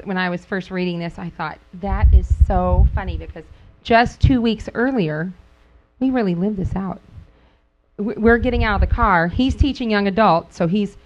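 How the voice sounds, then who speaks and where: A middle-aged woman speaking casually to a group, telling stories with frequent laughter and acting out quotes in sudden high squeals. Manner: laughs often while talking. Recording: dull lo-fi recording.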